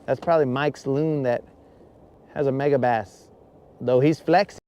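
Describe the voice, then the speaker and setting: A man's voice: medium pitch, fairly even intonation, normal speed, a little mellow, clear, resonant tone. A man hosting a live fishing stream from a boat on a lake. He talks in a casual, joking way and keeps calling his viewers bros. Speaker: fishing livestream host.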